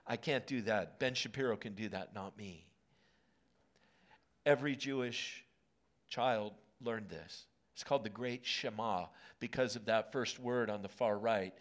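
A male pastor preaching a sermon in a church auditorium, moving from hushed lines to emphatic ones. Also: medium pitch, measured pace.

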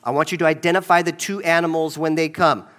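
A man's voice: fairly high pitch, steady tone, quick pace, fairly bright tone. A man pastor leading a children's sermon in a large church, playful and talking right to the kids. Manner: playful, addressing kids directly.

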